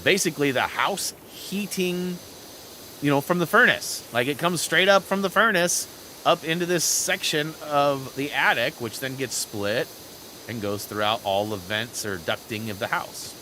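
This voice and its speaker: A man's voice: on the high side, unhurried, slight background noise. A man hosting a gaming channel, telling rambling stories over gameplay into a headset mic, reading chat as he goes. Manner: rambling storyteller, animated, reads chat aloud. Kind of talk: chatty gameplay commentary.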